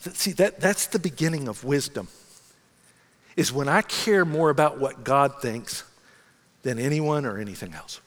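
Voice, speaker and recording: A middle-aged man, a senior pastor, telling a self-mocking story in an animated way during a sermon. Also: medium pitch, moderate pace, big-room sound.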